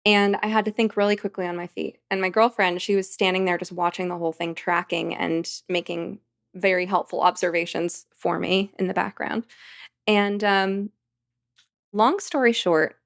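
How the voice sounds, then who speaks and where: A woman's voice: mid-range voice, fairly even intonation, moderate pace, vocal fry. A woman, a podcast guest, telling a vivid story in casual conversation. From United States.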